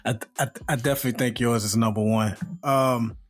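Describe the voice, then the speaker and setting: A man, co-hosting a podcast and telling a story in a casual, animated way, laughing and acting out his friends' voices. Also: medium pitch, brisk, no room sound. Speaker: podcast co-host.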